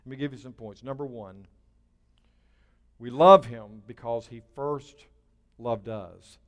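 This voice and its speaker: A male pastor preaching a sermon, building to emphatic bursts and then dropping low and quiet. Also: slow, big-room sound. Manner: emphatic, with rising bursts and dropping to a near hush.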